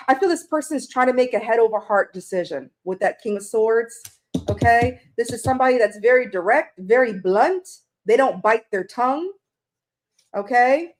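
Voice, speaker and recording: Her pitch sits fairly high as she reads cards for a relaxed live stream audience. Chatty and wandering, she says hello to people by name and cracks up at her own mistakes.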